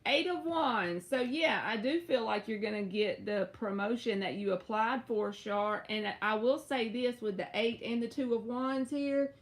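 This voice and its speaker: A woman's voice: moderate pace, hardly any pauses. Chatty Southern woman reading tarot. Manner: chatty, drawls and stretches words, sudden high jumps. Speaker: tarot reader. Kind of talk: casual live-stream tarot reading.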